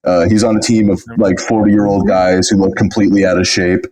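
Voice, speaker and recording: A man's voice: deep voice, level tone, a little fast, a little mellow, low-quality recording. A man co-hosting a podcast, trading teasing, profane banter in casual comedic chat. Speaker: podcast co-host.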